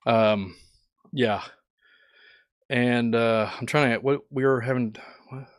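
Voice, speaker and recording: A man with a sore, hoarse throat hosting a casual livestream, laughing often as he greets viewers in the chat by name. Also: mid-range voice, fairly even intonation, slow pace, no room sound, clean studio sound. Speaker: livestream host.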